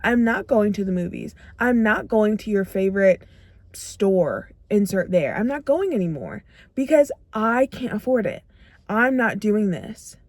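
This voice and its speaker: A woman's voice: medium pitch, expressive, unhurried, no room sound. A young woman giving a motivational self-growth talk to camera, emphatic and repeating phrases for punch. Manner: acts out her own inner dialogue in quotes.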